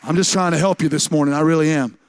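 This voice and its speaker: A man's voice: on the high side, fairly even intonation, quick pace, smooth, a faint crowd. A man preaching a sermon as pastor, emphatic and repetitive, often restarting his words.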